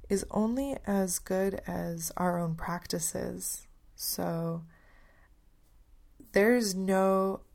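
A woman hosting a podcast alone, talking in an earnest, thoughtful way and often pausing to search for words. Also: fairly low pitch, creaky, a little mellow. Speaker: podcast host. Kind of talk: reflective solo podcast talk.

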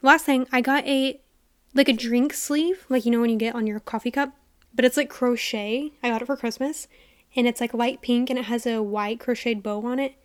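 A young woman hosting a casual solo podcast, chatty and excitable with lots of "like", a little out of breath, talking into a studio mic in a quiet room. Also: fairly high pitch, normal speed, no echo. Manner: chatty and excitable, heavy use of "like". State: a bit out of breath. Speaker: podcast host. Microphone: studio mic with headphones.

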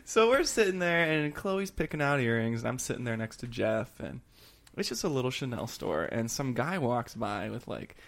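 A man's voice: mid-range voice, big pitch swings, moderate pace, gravelly, a bit bright. A young man co-hosting a podcast, telling a story in casual chat and laughing through it. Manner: laughs through his own stories. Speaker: podcast co-host.

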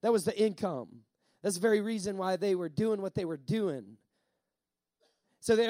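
A male pastor preaching a sermon, emphatic, repeating key lines and slowing down on words for effect. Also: high-pitched, lively intonation, warm tone, no echo.

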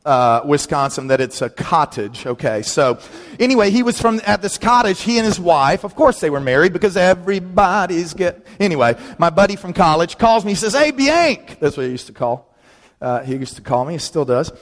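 A middle-aged man, a pastor, telling humorous personal stories in a sermon and acting out friends' voices. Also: brisk. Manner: storytelling, animated, acts out quoted friends in a higher voice. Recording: long reverb of a large hall.

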